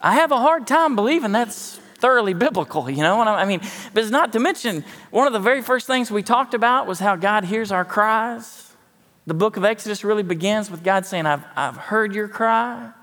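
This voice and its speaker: Folksy high-voiced pastor preaching. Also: male voice, animated, a little fast, a bit bright, in a large hall. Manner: folksy, conversational, self-deprecating asides. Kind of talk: sermon. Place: church sanctuary.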